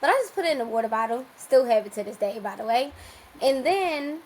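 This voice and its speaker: A woman chats casually as a podcast guest, retelling her story with lively energy and frequent laughter. Her voice sits a touch high, and a faint hiss runs underneath. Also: rough recording. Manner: animated, laughs often, quick restarts.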